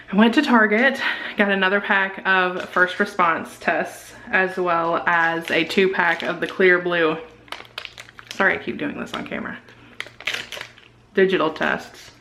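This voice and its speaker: A young woman vlogging to camera, chatty and excited, full of likes and quick asides. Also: lowish voice, a little hiss or hum, low-quality recording. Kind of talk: casual vlog to camera.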